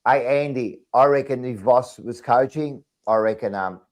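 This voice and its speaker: A man's voice: mid-range voice, moderate pace. Man, Australian accent, co-host, casual sports chat, emphatic, repetitive. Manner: emphatic, repeats phrases and tags lines with 'mate'. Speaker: podcast co-host.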